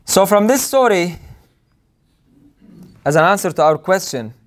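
Male preacher, slightly high voice, earnest and emphatic, leans on repetition. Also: animated, measured pace. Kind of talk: sermon.

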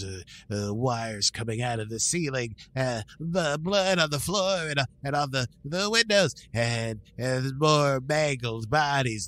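A man hosts a podcast and recaps an episode in a loose, rambling way. He wanders into asides and self-corrections, and his voice sits at an ordinary mid pitch. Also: a bit bright, no room sound. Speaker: podcast host.

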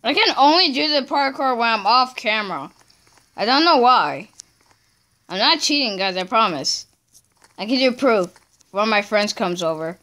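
A woman's voice: on the high side, lively intonation, normal speed, long pauses, bright, forceful tone. A woman casually commenting on her own gameplay, chatty and talking to herself, breaking into screams when she fails. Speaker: gameplay channel host.

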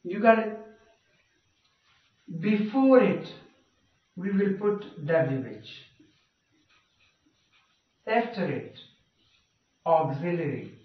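A man's voice: sits high, lively intonation, very slow, pauses often. A male teacher giving a grammar lecture, repeating points and checking with "okay?" and "you got it?". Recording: dull, echoey, far from mic.

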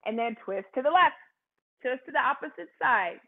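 A woman's voice: high voice, lively intonation, moderate pace. A woman teaching a family yoga class, leading poses with playful, encouraging cues. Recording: tinny phone-like livestream audio.

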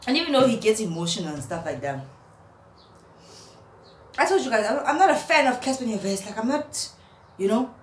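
A young woman, a vlogger, roasting someone in a mocking, animated rant to camera and laughing at her own jokes. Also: fairly high pitch. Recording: roomy echo, faint background hum.

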